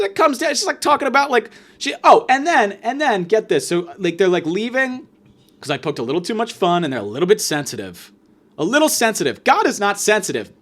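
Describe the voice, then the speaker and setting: A young man telling a story in a profane, sarcastic rant, hosting his own show. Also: high voice. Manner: profane, sarcastic, animated ranting. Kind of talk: ranting storytelling monologue.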